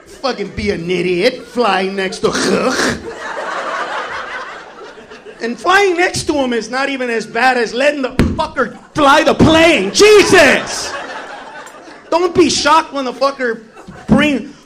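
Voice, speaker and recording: A male stand-up comedian delivering a profane, ranting routine, often shouting. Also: very high-pitched, lively intonation, slow, long pauses.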